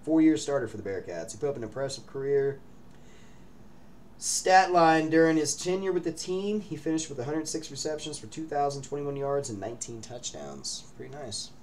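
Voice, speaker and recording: A man's voice: fairly high pitch, normal speed, darkish tone, a little hiss or hum. A man hosting a live card-break stream from his break room, hyping the pulls and bantering with viewers. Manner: hyped, joking banter with viewers.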